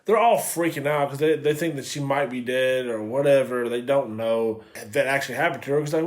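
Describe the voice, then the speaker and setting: A man's voice: mid-range voice, moderate pace. A man co-hosting a casual TV review, recapping scenes with lots of swearing and acting out the characters' lines. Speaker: co-host reviewing a TV series. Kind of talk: casual chat.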